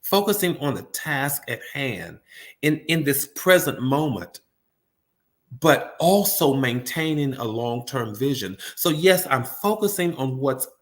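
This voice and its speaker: A man's voice: medium pitch, very animated, a little slow. A man giving a live-streamed motivational talk, often repeating words as he restarts and calling his audience "you all.".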